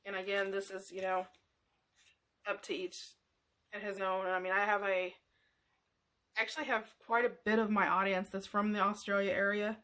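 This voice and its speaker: Mujer de voz monótona enseñando manualidades. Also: female voice, mid-range voice, fairly bright tone. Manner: rambling, halting, full of fillers and restarts. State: emotional, near tears. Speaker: crafting tutorial host. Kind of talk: casual craft tutorial talk.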